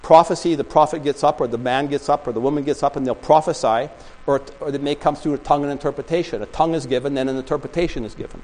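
Rambling pastor with a higher voice. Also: male voice, steady tone, fast, darkish tone, poor audio. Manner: rambling storytelling with frequent restarts. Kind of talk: sermon. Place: small church.

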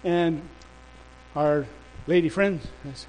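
A male preacher delivering a sermon and telling a story in an animated, emphatic way. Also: fairly high pitch, slow pace, a little hiss or hum, poor audio.

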